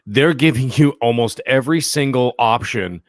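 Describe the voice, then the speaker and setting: A man's voice: mid-range voice, moderate pace, no room sound, studio quality. A man on a podcast, speaking in an easygoing, polite way. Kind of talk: casual podcast chat.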